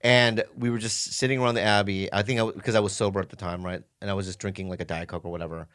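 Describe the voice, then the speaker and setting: Low-voiced, exasperated, fast-cursing man. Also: no echo. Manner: exasperated, animated, swears often, stumbles and repeats himself. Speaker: podcast co-host. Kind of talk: casual comedic chat.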